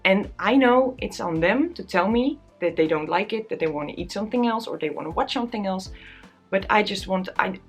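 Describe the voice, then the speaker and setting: A woman's voice: medium pitch, animated, a little fast, breathy edge, faint music behind. A young woman talking candidly to camera in a casual vlog, tearful and laughing at herself. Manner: candid, self-deprecating, often laughing. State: tearful, close to crying. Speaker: vlogger.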